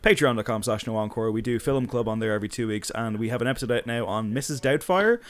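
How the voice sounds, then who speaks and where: A man, a podcast guest in casual chat, teasing and joking with the host. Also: medium pitch. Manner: teasing, joking, fast-talking.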